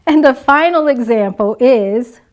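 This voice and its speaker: A woman nursing instructor giving a graduation address with slow, emphatic, call-and-response delivery. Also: fairly high pitch, expressive.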